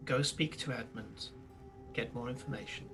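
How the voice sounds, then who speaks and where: Guy doing a wise old lady patron in a tabletop game, soft and slow and measured, quiet music under. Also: medium pitch, fairly even intonation, vocal fry, voice pushed down, close to an everyday voice.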